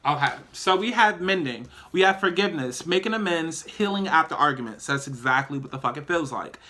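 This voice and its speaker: A man's voice: on the high side, animated, brisk, sharp tone. A man giving a casual tarot reading to viewers, chatty and emphatic, talking straight to his audience and cursing freely. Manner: chatty, emphatic, profane, addresses viewers directly. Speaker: tarot reader.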